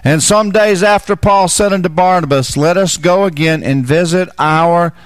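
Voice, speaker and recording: High-voiced man teaching a sermon. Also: moderate pace, dry recording. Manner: repeats key phrases, asks the listeners questions. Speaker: preacher.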